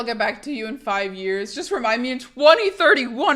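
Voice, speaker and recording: A young woman streamer with a hoarse, husky sick voice, rambling casually to her chat and swearing a lot. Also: a little high, lively intonation, fairly quick, few pauses, fairly bright tone.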